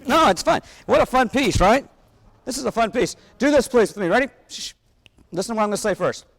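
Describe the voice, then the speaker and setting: A man with a very high, creaky voice and lively intonation talks a little fast. As the clinician at a wind band rehearsal, he energetically coaches and sings rhythms on syllables, with long reverb from the large hall.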